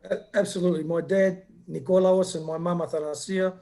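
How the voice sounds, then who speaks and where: Gravelly, dark-voiced man answering interview questions. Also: high voice, fairly even intonation, a little fast. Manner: earnest, upbeat, repeats words when starting sentences. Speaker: company founder, guest.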